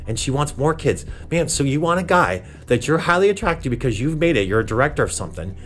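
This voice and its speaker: A man's voice: mid-range voice, expressive, fairly quick, few pauses, faint music behind. A man hosting a reaction commentary show, talking in a sarcastic, exasperated way and addressing people as ma'am. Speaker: commentary channel host.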